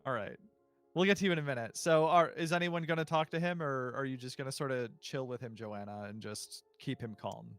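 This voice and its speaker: A man's voice: medium pitch, a little fast, a bit bright, clear, resonant tone, dry recording, soft background music. A man narrating as game master in a casual, loose way with many fillers.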